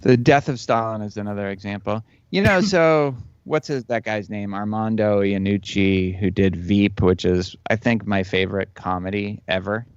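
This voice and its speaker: A man in casual podcast chat, talking loosely with halting restarts. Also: fairly low pitch, smooth, no room sound. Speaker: podcast co-host or guest. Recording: dry, dull lo-fi sound.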